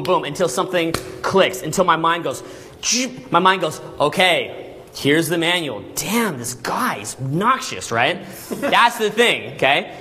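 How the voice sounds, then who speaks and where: A man coaching a live seminar in a hotel room, animated and laughing often as he acts out voices. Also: on the high side. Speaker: dating coach running seminars.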